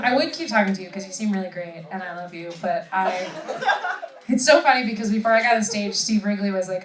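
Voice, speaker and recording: A woman in her thirties doing stand-up with crowd work, chatty and self-mocking, laughing often. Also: on the high side. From Rochester, New York. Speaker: stand-up comedian. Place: comedy club stage. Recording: echoey room, far mic, loud crowd.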